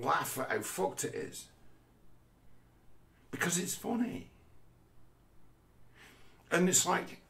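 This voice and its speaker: A man's voice: mid-range voice, vocal fry, a bit bright. A man delivering a rambling philosophical monologue, swearing heavily and restarting his sentences often. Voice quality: heavy swearing, restless restarts. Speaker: vlogger.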